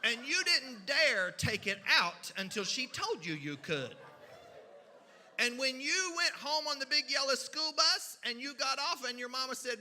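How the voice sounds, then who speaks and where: A storyteller from the mountains, telling a funny story in a folksy, animated way, with sound effects and voices. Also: male voice, very high-pitched, normal speed, a little hiss or hum. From Kentucky mountains. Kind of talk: humorous storytelling. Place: church hall. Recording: reverberant hall.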